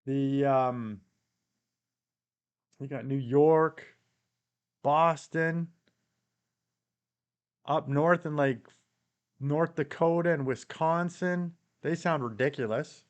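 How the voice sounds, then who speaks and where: A Canadian man hosts a relaxed live stream, reading viewer comments out loud and answering each one. His voice sits a little higher than most men's, and he chuckles often as he talks. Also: slow, long pauses, clean tone, dull audio. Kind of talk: casual live-stream chat.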